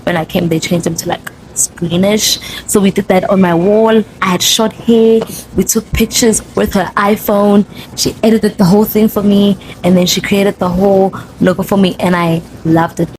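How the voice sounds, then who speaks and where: A young woman with a South African Zulu accent, hosting a podcast and telling her story in a casual, animated monologue. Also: medium pitch, moderate pace, a little hiss or hum, low-quality recording. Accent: South African, Zulu-speaking. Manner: chatty, code-switching, animated storyteller. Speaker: podcast host.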